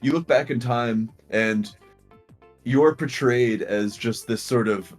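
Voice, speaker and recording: A man co-hosting a live stream in casual chat, teasing and quick to laugh. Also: mid-range voice, faint music behind. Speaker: co-host.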